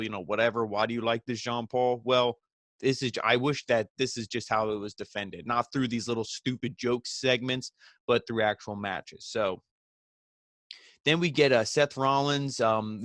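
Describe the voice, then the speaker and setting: A man's voice: mid-range voice, fairly bright tone, no room sound. A man reviewing a wrestling show in a casual, rambling recap, full of filler phrases and casual swearing.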